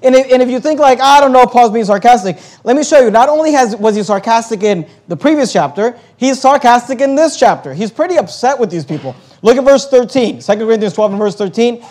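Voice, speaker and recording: A man's voice: extremely high pitch, expressive, quick pace, few pauses, darkish tone. A man preaching a conversational Bible-teaching sermon, explaining verses with plenty of fillers and restarts.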